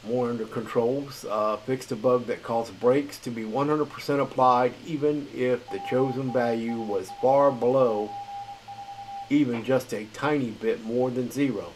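A man's voice: medium pitch, fairly even intonation, unhurried, a little mellow, a little hiss or hum, low-quality recording. A man hosting a gaming channel, reading patch notes in a tired, rambling, casual way. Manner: rambling, filler-heavy, chuckles at himself. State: tired late at night.

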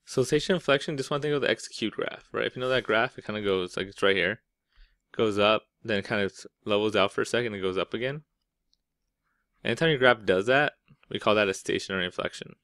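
A man's voice: lowish voice, fast, a bit bright, no echo, studio quality. A man teaching a math lesson, explaining step by step in a casual way and often checking in with "right?". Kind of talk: classroom lecture.

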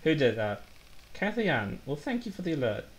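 A man's voice: on the high side, big pitch swings, a little fast, slight background noise. A man chatting casually while streaming a game live, joking and making fun of his own mistakes. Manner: chatty, joking, self-deprecating. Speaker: gaming livestreamer. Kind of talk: casual live gameplay commentary.

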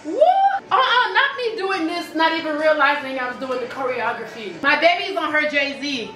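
A woman's voice: sits high, expressive, normal speed, reverberant, music in the background, low-quality recording. A woman hosting a live reaction video, chatty and exclamatory, singing along now and then.

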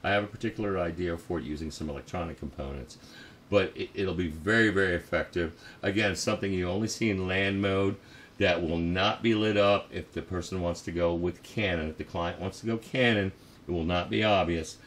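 A man, a model builder, explaining a build in progress and thinking aloud in a measured way. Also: deep voice, a bit bright, slight background noise.

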